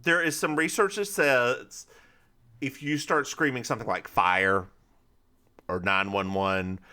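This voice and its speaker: A man co-hosting a podcast, chatting casually and laughing as he recaps a TV episode. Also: medium pitch. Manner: animated, laughing, quick asides. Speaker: podcast co-host.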